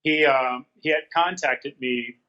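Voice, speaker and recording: A man's voice: mid-range voice, unhurried, sharp tone. Man retelling calls over dull lo-fi audio. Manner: retells phone calls with quoted back-and-forth dialogue. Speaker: interview guest. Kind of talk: casual storytelling interview. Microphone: remote call from a garage.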